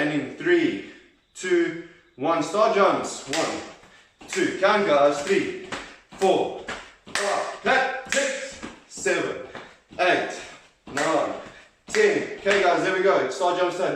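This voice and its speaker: This man's pitch is fairly high and his tone fairly bright as he cheerfully counts reps and encourages children during a workout, sometimes breathless. Slight background noise accompanies the very echoey, far-off recording.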